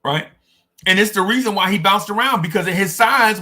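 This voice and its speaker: Male sports podcast host, casual and animated, wandering off on tangents; bright, fairly high voice. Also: fairly quick. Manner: animated, digressive storytelling.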